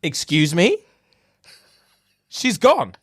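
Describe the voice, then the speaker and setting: A man's voice: high-pitched, huge pitch swings, very slow, fairly bright tone, slightly rough. A man co-hosting a casual podcast chat, teasing and bantering playfully. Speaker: podcast co-host.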